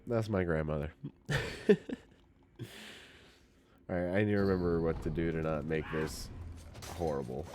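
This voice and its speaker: Low, slow-talking tipsy male streamer. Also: fairly even intonation, darkish tone, a little hiss or hum. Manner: rambling, profane, storytelling. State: a little tipsy. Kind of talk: casual chat while gaming.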